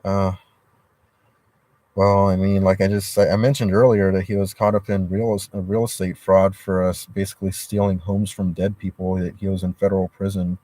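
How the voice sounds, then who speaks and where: A man's voice: low-pitched, a little mellow, no room sound. A man sitting in a parked car during a livestream, reading chat comments and venting in a rambling, profane, frustrated way. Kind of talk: rambling live-stream chat. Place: inside a parked car in a driveway.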